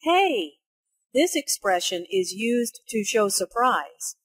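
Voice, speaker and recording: A woman narrating language notes in an English lesson with slow, clear explanations. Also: medium pitch, expressive, fairly bright tone, no room sound. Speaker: English teacher.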